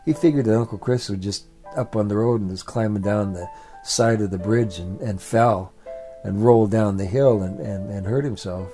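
A man's voice: fairly low pitch, moderate pace, warm tone, faint music behind. A man telling a family story aloud in a plain, repetitive storytelling way. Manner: repetitive, building phrases. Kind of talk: oral storytelling.

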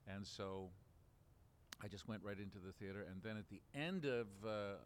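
Man in his seventies, from Baltimore, deep voice, rambling interview talk, fillers and restarts. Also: moderate pace, a little hiss or hum. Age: 70s. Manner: rambling, many restarts and fillers, laughs while telling. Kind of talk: relaxed reminiscing interview.

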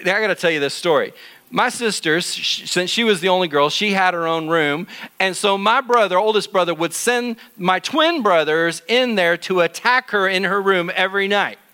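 A middle-aged man teaching in church, telling a Bible story to children in an animated, jokey way. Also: sits high, clean tone.

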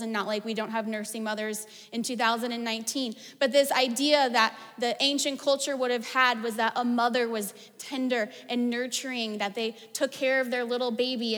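A woman in her thirties giving a sermon, animated and conversational, telling stories with casual asides. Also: a little high. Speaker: preacher. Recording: long hall reverb.

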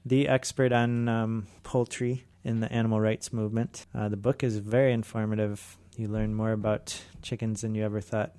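Laid-back male radio host, smooth voice. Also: fairly low pitch, flat delivery, warm tone, no echo. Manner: laid-back, halting with fillers. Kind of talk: casual radio chat.

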